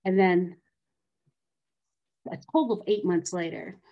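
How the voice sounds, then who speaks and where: Middle-aged woman, guest in interview, earnest storytelling, somewhat low pitch. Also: a little slow, muffled recording. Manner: earnest, acts out quoted voices.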